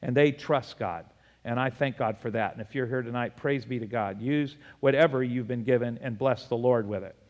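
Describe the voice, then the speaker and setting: A man, a pastor preaching a sermon, animated, often laughing, his voice jumping up in pitch for emphasis. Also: normal speed. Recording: long hall reverb.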